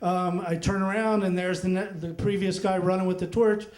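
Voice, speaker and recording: A middle-aged man telling a personal story on stage at a live event, animated and often laughing, with lots of fillers and asides. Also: sits high, moderate pace, echoey room.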